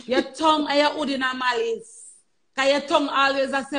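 A Jamaican woman live streaming, ranting loudly and mockingly with heavy cursing. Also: high-pitched, steady tone, fairly quick, rough recording.

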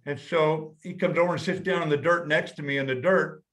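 An older American man telling a measured, plainspoken story as guest speaker, with frequent restarts. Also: on the high side, fairly even intonation, fairly bright tone. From United States. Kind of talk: storytelling talk.

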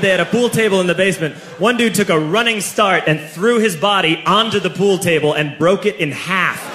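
A man on a comedy club stage tells a long story in a slightly high voice, speeding up and shouting at the punchlines. The mic catches an echoey room, and an audience laughs and murmurs behind him. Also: background noise. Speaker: stand-up comedian. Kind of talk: live stand-up storytelling.

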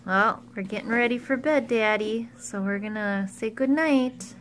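A woman filming her babies at home on a handheld phone, talking in a gentle, coaxing, sing-song baby voice. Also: fairly high pitch, unhurried. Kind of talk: home video baby talk. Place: family home.

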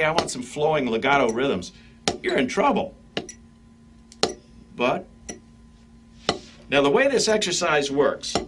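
Man teaching drum technique. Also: a little high. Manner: relaxed, conversational, addresses students directly. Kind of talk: instructional demonstration. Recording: practice pad clicks and noise behind.

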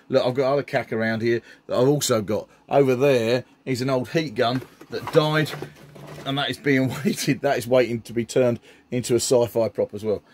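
This middle-aged scenery builder has a medium-pitched, slightly rough voice. He chats with enthusiasm, ums frequently, and shows off his hobby builds in a relaxed show-and-tell.

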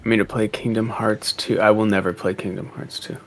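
A man's voice: on the low side, flat delivery, brisk. A young man co-hosting a casual let's-play stream, rambling and hedging as he talks. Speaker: co-host.

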